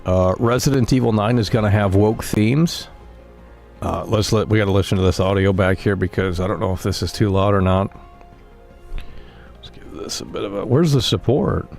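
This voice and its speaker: A man's voice: on the low side, fairly even intonation, normal speed, vocal fry, a little mellow, faint music behind. A man streaming live, ranting bluntly at his chat with plenty of swearing. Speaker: game streamer.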